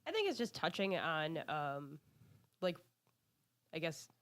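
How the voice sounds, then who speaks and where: A woman's voice: sits low, very animated, slow, a bit bright. A woman who is a guest on a casual podcast, chatty and giggling often. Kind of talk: casual chat.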